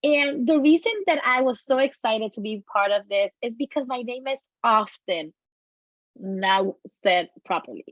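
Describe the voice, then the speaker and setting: A woman's voice: on the high side, animated, measured pace, no room sound, highs cut off. A woman from Puerto Rico who works as a paraeducator, speaking earnestly and from the heart. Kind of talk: casual presentation.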